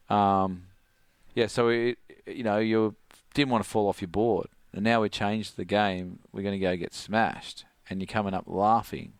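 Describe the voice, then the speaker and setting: A man's voice: fairly low pitch, unhurried, clean tone, dry recording, clean studio sound. A middle-aged Australian man, a surf coach, animatedly telling stories as a podcast guest and acting out his friends' voices. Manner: animated, acts out friends' voices, laughs often. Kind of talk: casual storytelling.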